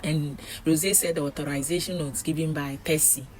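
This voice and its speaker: A woman's voice: low voice, fairly even intonation, normal speed, a little mellow. A woman recapping a reality show in casual, chatty storytelling, with frequent fillers.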